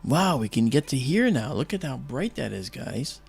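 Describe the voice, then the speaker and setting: A gravelly-voiced man hosting a livestream in a relaxed, chatty way. He talks with plenty of fillers and open enthusiasm. Faint music plays behind him. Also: medium pitch, normal speed. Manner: chatty, many fillers, enthusiastic about space. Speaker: livestream host. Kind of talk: casual storytelling.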